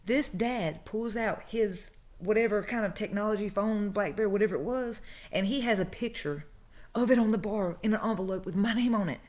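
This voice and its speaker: Woman telling a work story on her vlog, animated, does all the voices. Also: mid-range voice, fairly quick. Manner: animated, acts out the people she quotes. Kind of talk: casual storytelling.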